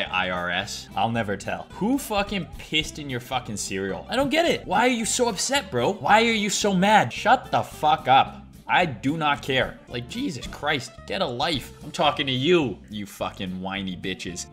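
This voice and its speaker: A man's voice: on the low side, bright, forceful tone. A man hosting a crypto market livestream, brash and crude, swearing and mocking himself while he drinks cider. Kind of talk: profane, joking livestream chart commentary.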